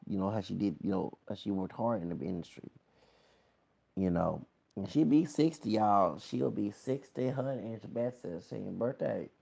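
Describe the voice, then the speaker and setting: A man's voice: lowish voice, vocal fry, darkish tone, husky. A man in his thirties giving a casual, rambling gossip commentary to his viewers, full of exclamations and asides. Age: 30s. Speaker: vlogger.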